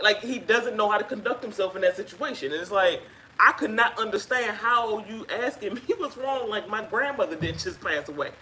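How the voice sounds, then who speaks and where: A woman sharing her own experience as a guest on a live chat, telling it in an emphatic, animated way. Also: mid-range voice, moderate pace, slight background noise, poor audio. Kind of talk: casual live-stream chat.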